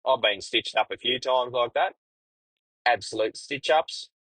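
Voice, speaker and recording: Laid-back Australian truckie spinning a yarn. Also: male voice, medium pitch, a little slow, fairly bright tone, husky, no echo, poor audio. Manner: crude, swears freely, laid-back yarning. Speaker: podcast host; truck driver. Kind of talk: casual storytelling.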